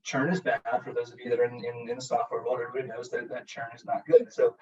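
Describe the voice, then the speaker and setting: A man's voice: medium pitch, fairly even intonation, fast. A man on a video call sharing how a leadership course helped him, rambling and repeating words. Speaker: program participant. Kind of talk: casual testimonial on a video call. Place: home, siren heard outside. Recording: distant, dull video call audio.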